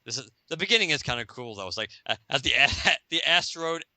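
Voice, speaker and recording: A man's voice: medium pitch, expressive, fast, pushed and bright, no echo. A man co-hosting a podcast over a Skype call, chatting casually and laughing a lot as he acts out quoted lines in different voices. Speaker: podcast co-host. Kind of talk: casual comic book chat.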